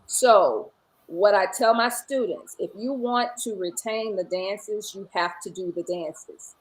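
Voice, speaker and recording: A woman's voice: mid-range voice, slow, rough recording. A woman who teaches line dance and paints murals, chatting in an interview and acting out the dialogue in her stories. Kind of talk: casual interview storytelling.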